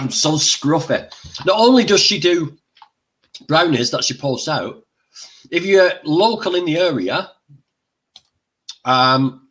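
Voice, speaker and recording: Slow-talking older man hosting. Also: a little high, fairly bright tone. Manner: chatty, exclaiming, eats while talking. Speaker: livestream host. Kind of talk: casual livestream chat.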